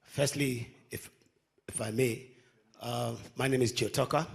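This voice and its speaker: A man asking a question from the floor, formal and halting with many fillers. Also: medium pitch, steady tone, gravelly. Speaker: audience member asking a question. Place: conference hall.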